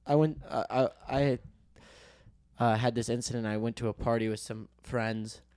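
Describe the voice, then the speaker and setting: A young man co-hosts a podcast and tells stories loosely, full of restarts, swearing and self-mocking jokes. His voice sits at a middle pitch, recorded dry and close with no room sound. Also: fairly even intonation, moderate pace, darkish tone, dry recording. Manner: rambling storyteller, restarts, swears, jokey. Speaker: podcast co-host. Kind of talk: casual chat.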